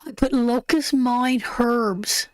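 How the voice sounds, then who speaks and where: Slow, affectionate woman tarot reader. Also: a little high, steady tone, darkish tone, no echo. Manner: affectionate, calls viewers sweetheart and my darling; emphatic, repeats phrases over and over. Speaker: tarot reader hosting a live stream. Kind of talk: live tarot reading, answering viewers.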